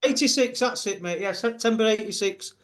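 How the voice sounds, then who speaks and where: Speaking fairly quickly, this Bradford man sits high in pitch with a fairly bright tone. In his fifties and carrying a West Yorkshire accent, he's a guest fan in casual conversation on a video call, earnest but rambling with many restarts.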